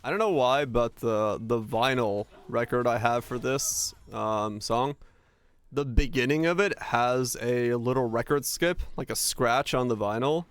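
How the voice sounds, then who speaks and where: A man's voice: mid-range voice, a little slow, clean tone, dry recording. A young man streaming a game, chatting casually and swearing freely while he plays. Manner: casual, profane, chatty with chat. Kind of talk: casual gaming stream chat.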